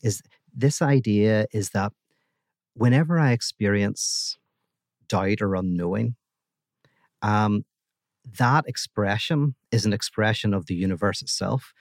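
A man talking as a guest philosopher in a casual podcast conversation, animated and full of restarts. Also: on the low side, unhurried, no echo, studio quality. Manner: animated storytelling, many restarts.

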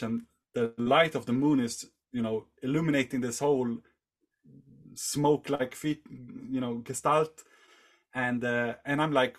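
A man's voice: mid-range voice, measured pace. A man telling a long story in casual conversation, rambling and leaning on fillers. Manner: rambling, heavy on fillers like "like" and "you know". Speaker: podcast guest.

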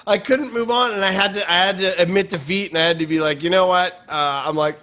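Male stand-up comic hosting a podcast; lightly raised pitch, loose animated storytelling. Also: fast talker. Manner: rambling, animated anecdote-telling. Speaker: stand-up comedian and podcast host. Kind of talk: casual chat storytelling.

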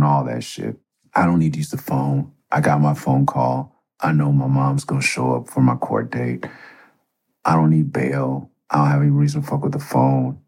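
A man casually telling a personal story on a podcast, loose and profane, with lots of fillers. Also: darkish tone. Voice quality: gravelly, husky low voice.

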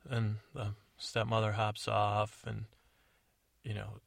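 A man hosting a sleep podcast, telling a bedtime story in a meandering, digressive, low-key way. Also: monotone, slow pace, creaky, dry recording, clean studio sound.

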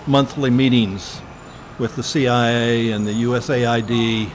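An older man recalls his past slowly and earnestly, pausing often and filling gaps with small hesitations. His voice sits at an ordinary middle pitch. A faint hiss of noise sits behind it. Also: fairly even intonation. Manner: earnest, reflective storytelling with frequent pauses and fillers. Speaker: interviewee. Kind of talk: oral history interview.

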